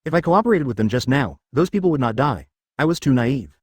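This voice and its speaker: A man's voice: medium pitch, very animated, a little fast, husky, no room sound. Male reader playing a pleading young girl, dry close read.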